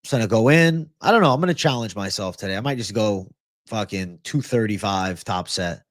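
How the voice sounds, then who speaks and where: A man's voice: fairly low pitch, lively intonation, a little fast, no room sound, clean studio sound. Casual young man hosting a livestream. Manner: casual, swears, thanks viewers, calls them bro. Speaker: livestream host. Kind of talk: casual live-stream chat reading chat.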